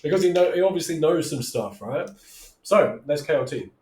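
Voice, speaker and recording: A man's voice: a little high, animated, normal speed, darkish tone, roomy sound, rough recording. A man coaching on online marketing in a loose, chatty monologue, often checking in with "right?" and acting out what customers might say. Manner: loose and chatty, keeps asking "right?", acts out customers' voices. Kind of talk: casual teaching monologue.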